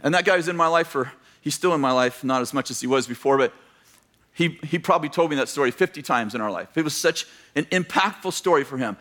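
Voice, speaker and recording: A male pastor with a fairly high, fairly bright voice talks fast while delivering a sermon. He tells stories, acts out the voices of the people in them, and jokes with his listeners.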